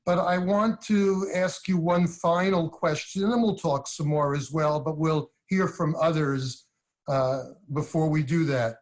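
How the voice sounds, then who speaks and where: A man, a rabbi, moderating a livestream discussion, asking questions and reflecting in a measured, deliberate way over a video call. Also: fairly high pitch, steady tone.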